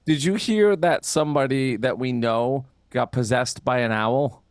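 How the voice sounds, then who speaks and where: Deadpan man on a dry close mic. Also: medium pitch, clean tone, no room sound. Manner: deadpan teasing, quick asides. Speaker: guest, musician and producer. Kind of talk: casual chat.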